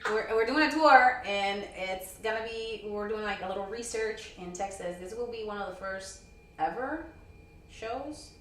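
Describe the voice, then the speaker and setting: In a convention hall, a woman who is a wrestling promoter and wrestler gives a casual interview in a medium-pitched voice at a moderate pace. She keeps saying "you know" and "girl," and the distant mic adds roomy echo plus slight background noise.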